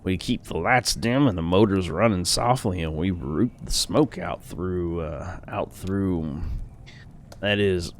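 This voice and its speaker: A man's voice: low voice, slow, a little hiss or hum. A man voicing an absent-minded old man who mumbles, trails off and forgets what he was saying.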